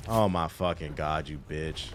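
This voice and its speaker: A man's voice: a bass voice, a little slow, noisy background. A man with a Washington, D.C. accent casually chatting on a gaming stream, using loose, profane slang and answering chat while he plays. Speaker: livestreamer.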